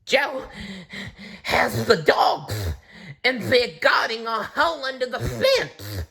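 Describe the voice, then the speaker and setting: A man's voice: sits high, very animated, takes it slowly, sharp tone, voice pushed up, full character voice. A man voicing a hasty, breathless male animal in a children's story. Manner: breathless, urgent.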